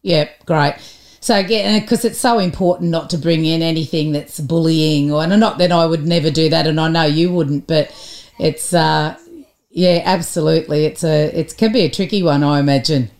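A woman's voice: deep voice, fairly even intonation, moderate pace, a little mellow. A woman with an Australian accent hosting a podcast interview, affirming and chatty. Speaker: podcast host.

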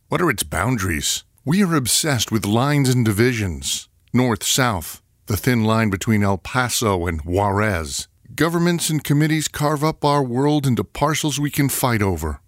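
A man's voice: medium pitch, no echo, clean studio sound. A man reading a wry, scripted radio essay as host. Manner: wry storyteller, acts out little quotes.

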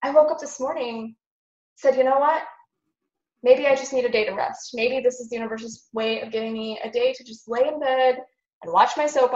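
A woman's voice: a little high, roomy sound, dull audio. A woman guest on a podcast, talking earnestly in a casual interview and acting out her own thoughts, sounding a little sick.

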